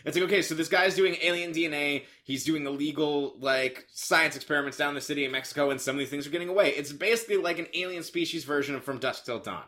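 A man's voice: on the high side, quick pace, few pauses, pushed and bright. A young man co-hosting a casual movie-review chat, rambling and sarcastic, with lots of "like". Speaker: podcast co-host.

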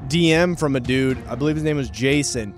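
A man's voice: mid-range voice, brisk, soft background music. A man co-hosting a podcast, teasing his co-host and jumping between topics in casual sports banter.

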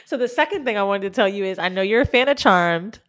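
A woman co-hosting a casual chat podcast, telling profane stories with animated impressions. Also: mid-range voice, fast. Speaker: podcast co-host. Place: home recording during quarantine.

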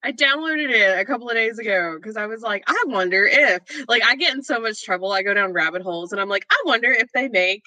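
A woman's voice: fairly high pitch, lively intonation, fast, hardly any pauses, bright, forceful tone, no echo. An older woman co-hosting a podcast, chatting playfully and joking about herself. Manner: playful, self-deprecating. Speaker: podcast co-host. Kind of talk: casual chat.

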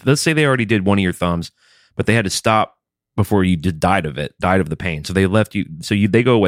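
A man co-hosting a casual chat, with crude, dark jokes. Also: deep voice, lively intonation, fast talker, no room sound, studio quality.

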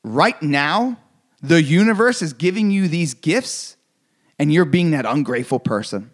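A man with a high voice delivers a motivational talk. He hammers his points through repetition and occasional swearing, pressing hard on the listener. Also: lively intonation, measured pace. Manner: intense, repetitive, preachy, swears for emphasis. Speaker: motivational speaker. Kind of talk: motivational speech.

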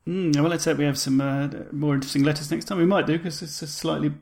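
A man co-hosting a fan podcast, talking in a relaxed, conversational way. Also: fairly high pitch, fast, creaky. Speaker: podcast co-host. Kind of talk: casual chat.

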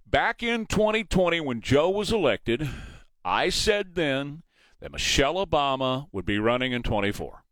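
A man's voice: a little high, sing-song, normal speed, a bit bright, dry recording. A man hosting a morning talk radio show, opinionated and mocking.

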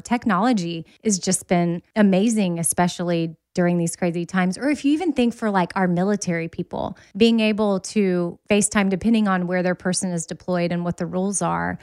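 Laughing, animated woman chatting. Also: mid-range voice, dry recording. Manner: animated storyteller, laughs often. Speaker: podcast co-host. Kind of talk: casual chat.

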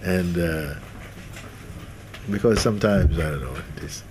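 A man's voice: deep voice, a little slow, background noise. A man giving a spiritual talk to an audience, laughing often and acting out the voices of the people he quotes. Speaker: spiritual teacher.

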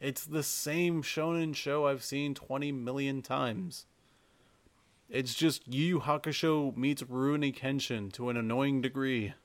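A man's voice: medium pitch, steady tone, measured pace, dry recording. A man talking casually with friends, blunt and rambling as he picks a show apart. His voice sits in the middle range. The sound is dry and close, with no room in it. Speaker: podcast co-host. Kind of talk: casual anime chat.

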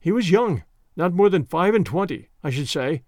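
A man narrating a classic story as an audiobook reading, measured and expressive. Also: high voice, no echo, studio quality.

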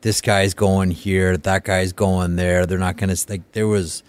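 Very deep-voiced man host. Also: flat delivery, a little slow, clean tone, no room sound. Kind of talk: casual interview chat.

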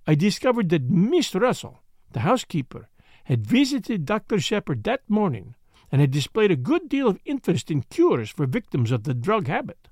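Audiobook role: a pompous, solemn male detective, put on by a man reading, lively and sing-song, in a dry booth. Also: high voice, no room sound. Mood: explaining. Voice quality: pompous, deliberate. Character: grave self-assured male Belgian detective, middle-aged.

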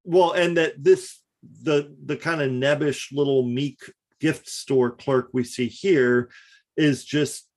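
A man's voice: medium pitch, fairly even intonation, slow, darkish tone. A man co-hosting a podcast in casual chat, mostly giving short agreeing replies and now and then laying out a theory. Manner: brief agreeing replies, theorizing in longer runs. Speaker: podcast co-host.

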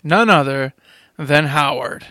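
A man co-hosting a podcast with a high, bright voice that swings widely as he tells stories. He chats casually and animatedly. The sound is dry and close. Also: unhurried, no echo. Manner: animated storyteller. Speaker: podcast co-host. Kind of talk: casual chat.

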